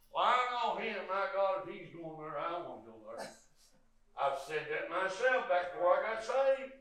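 Folksy older preacher, bright and echoey. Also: male voice, sing-song, moderate pace, recorded from a distance. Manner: folksy preaching, frequent "amen", surges from low talk to loud exhortation. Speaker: pastor. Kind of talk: sermon. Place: church sanctuary.

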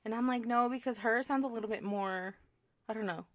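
Young woman, podcast co-host, fairly high voice, giggly, rambling, dry close sound. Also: a little fast, no echo. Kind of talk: casual chat.

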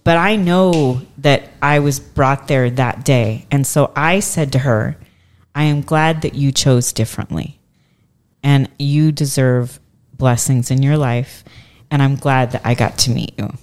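A woman's voice: extremely low pitch, measured pace. A woman in her forties telling a long personal story in a casual podcast chat, animatedly acting out what others said. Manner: animated, acts out quoted voices.

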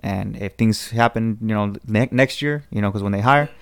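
A young podcast guest with a Californian accent from the south of the state rambles through a long story at normal speed, restarting and acting out other people's voices. His lowish voice has vocal fry and a clean tone, recorded at studio quality with no room sound.

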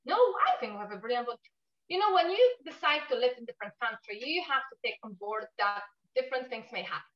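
A woman from Poland with a Polish accent, a native Polish speaker, talking quickly and animatedly in casual conversation as a guest. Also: fairly high pitch, reverberant, highs cut off. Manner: fast-talking, animated, non-native grammar.

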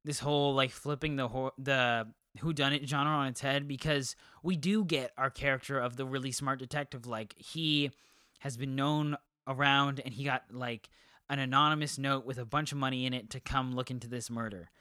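A man's voice: medium pitch, fairly even intonation, normal speed, pushed and bright, clear, resonant tone, no echo, clean studio sound. A man co-hosting a movie podcast, chatting casually with many ums and restarts. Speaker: podcast co-host. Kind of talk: casual chat.

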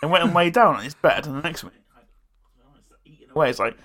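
A man's voice: a little high, fast talker, fairly bright tone. A young man co-hosting a casual podcast chat, sweary and telling anecdotes. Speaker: podcast co-host.

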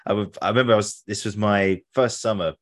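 A man's voice: fairly low pitch, fairly even intonation, fast talker. A young adult man in casual chat, telling a long story with restarts and laughs.

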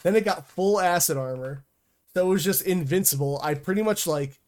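A man's voice: high voice, fairly quick, a little mellow. A young man hosting a casual gaming podcast, sarcastic and crude, talking loosely with lots of fillers. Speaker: podcast host.

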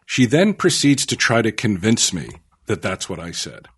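A man co-hosting a podcast, telling a story in casual chat with animated delivery, swearing and acting out quotes. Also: fairly low pitch, moderate pace, breathy edge. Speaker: podcast co-host.

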